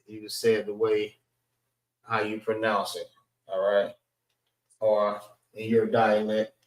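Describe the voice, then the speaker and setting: A class instructor speaks slowly and deliberately in a lowish monotone, sounding out letters and frequently checking in with "all right." He is recorded from a distance in a room with echo.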